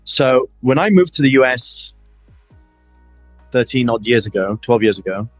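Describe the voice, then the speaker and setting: A man's voice: medium pitch, expressive, unhurried, dry recording, soft background music. A middle-aged man with a Middle Eastern accent, a guest in a fireside chat, telling stories with animation, acting out quoted lines and often repeating words. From Middle East. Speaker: interview guest, family office advisor.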